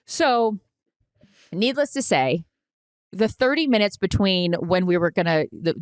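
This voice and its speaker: A woman's voice: medium pitch, measured pace, smooth, dry recording. Woman podcast co-host, forties, dramatic storyteller, dry close sound. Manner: animated, dramatic retelling with swearing. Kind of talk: casual storytelling chat.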